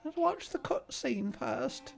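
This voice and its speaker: A man doing Cecil, a fussy high-pitched sidekick. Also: expressive, slow pace, gravelly, heavily acted. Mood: prim fussing. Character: fussy high-voiced bossy sidekick, easily exasperated. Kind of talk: comedic let's-play banter.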